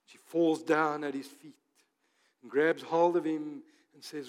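A man preaching a sermon as pastor, moving from emphatic passages to hushed, soft ones. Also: a little high, steady tone, unhurried. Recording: long reverb of a church hall.

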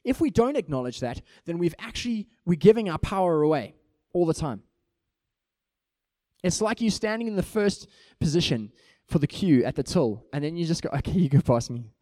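A man preaching a sermon in an animated way, acting out small everyday scenes to make his points. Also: a little high, normal speed, no room sound, studio quality.

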